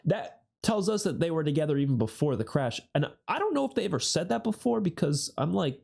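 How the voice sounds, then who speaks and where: A young man hosting a reaction video, talking with a gravelly fry in his voice. His pitch swings widely as he reacts, and he swears freely and gets excitable. It is casual, off-the-cuff commentary. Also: fairly quick. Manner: excitable, swears often, voice jumps on outbursts.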